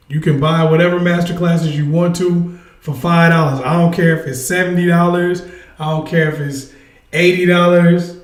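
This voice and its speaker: A high-pitched man, recorded with a roomy sound, hosts a casual livestream and chats live with his viewers, energetically urging them to join in.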